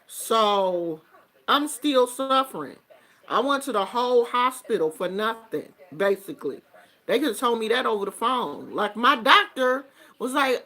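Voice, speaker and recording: Bright-voiced woman chatting animatedly. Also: a little high, moderate pace. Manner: animated, acts out quotes. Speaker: host. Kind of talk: casual storytelling chat.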